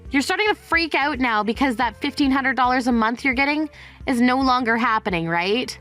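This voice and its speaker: A woman's voice: high-pitched, animated, a little fast, fairly bright tone. A synthetic woman's voice reading a fed-up young divorced woman who speaks coldly and bluntly in a text-message story. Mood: firm. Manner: cold, blunt. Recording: faint music underneath.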